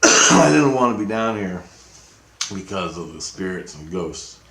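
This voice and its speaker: A man with a low voice tells a meandering story of his own, stopping and restarting as he goes. He jumps up in pitch to act out the voices of the people in it. The sound carries a noticeable room echo. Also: animated, a little slow, a bit bright. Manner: acts out quoted dialogue with a raised voice; loose, meandering, with frequent restarts. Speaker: vlogger recounting dreams. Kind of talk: rambling personal storytelling. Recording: roomy, echoey room.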